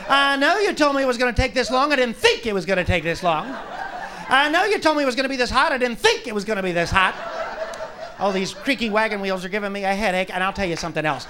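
A woman's voice: medium pitch, lively intonation, fast, natural voice. A man voicing a whining, nagging pioneer wife complaining on the wagon trail, in a noisy live club recording. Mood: whiny.

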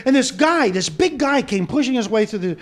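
A man doing stand-up comedy, telling jokes with animated punchline delivery. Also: extremely high pitch, brisk. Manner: animated, punchline-driven storytelling.

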